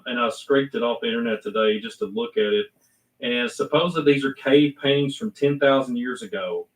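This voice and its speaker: A male host in loose, rambling chat who keeps correcting himself and filling gaps with "you know." His voice is mid-pitched and sounds a little far from the mic. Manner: rambling, self-correcting, full of fillers. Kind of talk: casual talk-show chat.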